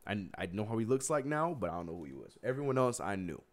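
Talking fast in a lowish voice, a quiz show host keeps his casual live stream lively by teasing his co-host and laughing constantly. Music plays faintly underneath.

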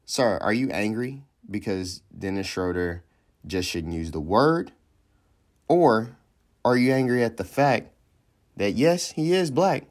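A man hosting a podcast in casual comedic commentary, joking and rambling with slangy asides. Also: mid-range voice. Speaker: podcast host.

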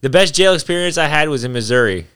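Male host, casual chat, bright dry voice, profane and animated. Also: a little high, quick pace, smooth, no echo.

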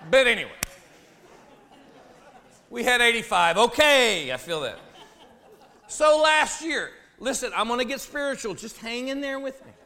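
In the middle of a sermon, a pastor shares a humorous story from his own life at normal speed, his voice showing vocal fry. He jokes animatedly, going quiet before bursting into shouts.

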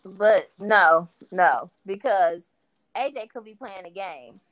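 A woman's voice: mid-range voice, slow pace, no echo. A woman in casual conversation, speaking in a matter-of-fact, teasing way. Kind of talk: casual chat.

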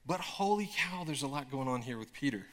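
A man preaching a sermon in a casual, conversational way, with frequent filler words and emphatic bursts of excitement. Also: medium pitch, brisk. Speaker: pastor.

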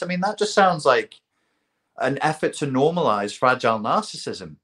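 A man co-hosting a casual reaction show. He reacts sarcastically and incredulously, swearing freely. His mid-pitched voice swoops up and down a lot. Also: big pitch swings, fairly quick, fairly bright tone. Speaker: co-host.

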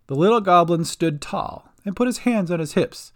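A man narrates a fantasy audio story from a script, expressive throughout. His pitch is somewhat high for a man and moves freely. He handles every character himself. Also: normal speed, few pauses. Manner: expressive, does all voices himself.

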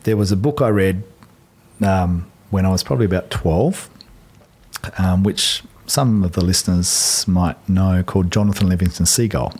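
A man's voice: deep voice, moderate pace, darkish tone, slightly rough. An Australian man in his fifties, a podcast guest, talking in a reflective, storytelling way with frequent ums. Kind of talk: casual conversation.

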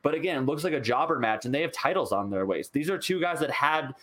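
A man co-hosting a podcast, ranting in an exasperated, fast way about a wrestling show. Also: on the high side, expressive, fairly bright tone. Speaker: podcast co-host. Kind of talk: casual wrestling review chat.

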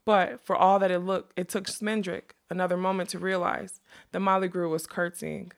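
A woman narrating a fantasy novel as an audiobook, in a measured, expressive storytelling manner. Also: lowish voice, vocal fry.

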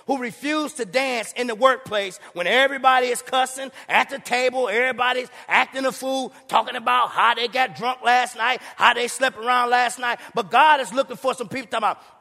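A pastor preaches, slipping into playful asides and impressions. His voice sits very high with a bright, sharp edge and some gravel. The sound rings out with a long hall echo. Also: brisk, few pauses. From Saint Paul, Minnesota. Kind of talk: sermon.

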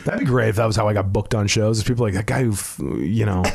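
A man's voice: lowish voice, fast talker, creaky, darkish tone. A man, a comedian, telling a long anecdote on a podcast in a casual, profane, laughing way. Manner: laid-back, profane, laughing storyteller. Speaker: comedian, guest.

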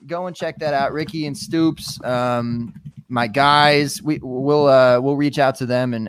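A man's voice: medium pitch, smooth, dry recording. A man hosting a sports podcast in casual chat, rambling and joking with many restarts. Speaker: podcast host.

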